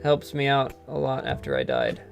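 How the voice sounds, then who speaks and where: A wisecracking ghost gumshoe, read out by a man in a dry, world-weary tone and a middling pitch. The game's music plays faintly behind him. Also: huge pitch swings, normal speed, creaky. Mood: wry. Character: wisecracking ghost private detective man, hard-boiled.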